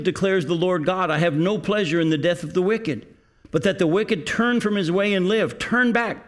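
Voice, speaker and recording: A middle-aged male pastor preaching a sermon, earnest and direct, often putting questions to his congregation. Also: sits high.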